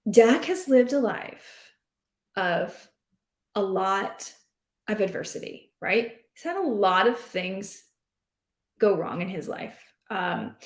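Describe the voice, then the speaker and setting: A woman chatting about fantasy football in an animated, rambling, playful way. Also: fairly high pitch. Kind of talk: casual sports chat. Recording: roomy echo.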